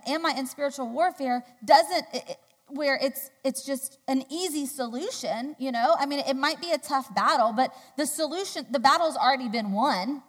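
Chatty woman preaching in a hall. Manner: chatty, animated storytelling with loud high-pitched quoted outbursts. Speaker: church speaker. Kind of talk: sermon with personal story. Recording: long hall reverb.

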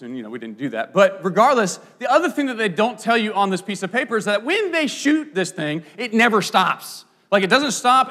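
A man in his thirties preaching a sermon, telling playful stories with many asides. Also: high-pitched. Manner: animated, playful storyteller with frequent asides. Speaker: pastor. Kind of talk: sermon with storytelling.

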